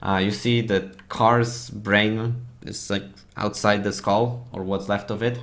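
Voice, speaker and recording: A man narrating as dungeon master for a tabletop game, halting and full of fillers. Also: fairly low pitch, level tone, a bit bright.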